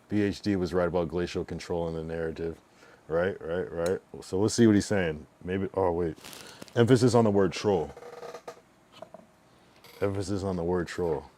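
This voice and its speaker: A man casually chatting on his live stream, rambling and relaxed, with a lot of fillers and swearing. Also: sits low. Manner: laid-back, rambling, heavy use of fillers and swearing.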